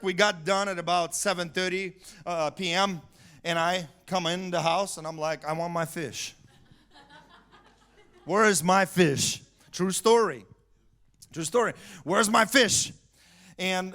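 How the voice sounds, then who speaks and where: A male pastor preaching in a church, his voice sitting high and ringing bright. He tells a story in an animated way, bursting into shouts for emphasis and laughing often as he goes. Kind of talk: storytelling sermon. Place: church sanctuary.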